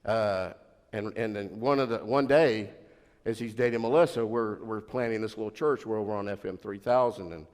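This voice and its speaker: A middle-aged man, a pastor, preaching from the front of a church and rambling through family stories with repeats, restarts and laughs. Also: on the low side. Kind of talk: anecdotal sermon. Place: church sanctuary. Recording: long church reverb.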